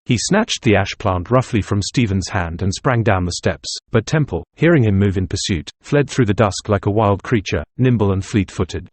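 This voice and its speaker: A man reads a novel aloud in a steady, measured audiobook narration. His voice is low and a little husky. It is recorded close and dry, with no room sound. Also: no echo.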